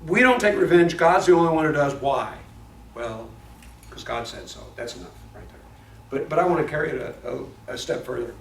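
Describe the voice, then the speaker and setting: A man teaching a Bible study in a casual, animated way, often restarting his words as he tells a story. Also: mid-range voice, brisk, vocal fry. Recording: echoey room, mic at a distance, faint noise.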